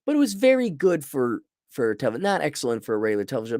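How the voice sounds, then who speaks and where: A man's voice: medium pitch, wildly swooping pitch, quick pace, few pauses, darkish tone, dry recording, studio quality. A middle-aged man hosting a casual livestream review, talking bluntly and rambling, often restarting his sentences. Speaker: show host reviewing a series.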